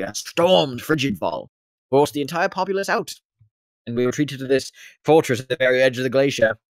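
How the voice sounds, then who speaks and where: A man's voice: mid-range voice, dry recording, lightly acted. A man voicing a rambling male former slave who became a wealthy slave-owner, speaking formally in a put-on British accent during a tabletop game. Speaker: non-player character. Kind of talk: tabletop role-play voicing.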